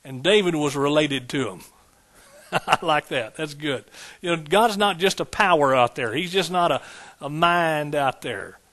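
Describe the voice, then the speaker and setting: A man's voice: fairly high pitch, lively intonation, unhurried, a bit bright. A man preaching a sermon as pastor, building points through rhythmic repetition and folksy asides.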